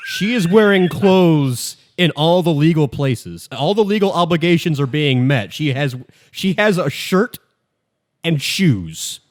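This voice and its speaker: A man's voice: a little high, expressive, slow pace. A man hosting a podcast, casually recapping a video game in a rambling, jokey way with lots of fillers. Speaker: podcast host.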